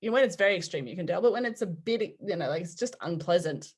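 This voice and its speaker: A woman in her forties, a podcast guest telling personal stories in an animated way, often laughing and acting out what people said. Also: lowish voice, fast, slightly rough. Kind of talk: conversational storytelling.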